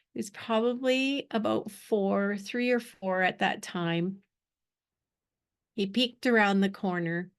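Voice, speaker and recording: A middle-aged woman shares her story at an unhurried pace, leaving long pauses between phrases. Her voice sits at an ordinary middle pitch, and she speaks in an earnest, heartfelt way as the host of a spiritual art workshop.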